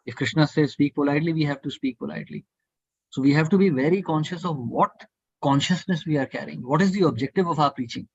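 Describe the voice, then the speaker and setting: A man teaches a devotional scripture study class in an earnest, provocative way, repeating his points to push listeners to think. His voice is husky and sits a little high. The sound is dry and muffled, like an online call. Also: fast. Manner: earnest, provocative, repetitive urging. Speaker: study group speaker.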